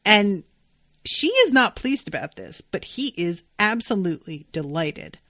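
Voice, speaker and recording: A woman's voice: on the low side, very animated, moderate pace, fairly bright tone, dry recording. A woman hosting a podcast, recapping an episode in a chatty, casual way, with swearing and lots of fillers. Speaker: podcast host.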